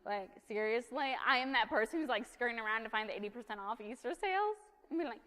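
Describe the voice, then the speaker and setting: A woman in her thirties giving a chatty, humorous sermon in a church, full of lively asides. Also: a little high, fast. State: caffeinated, fast-talking. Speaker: preacher. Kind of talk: conversational sermon. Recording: long reverb of a church hall.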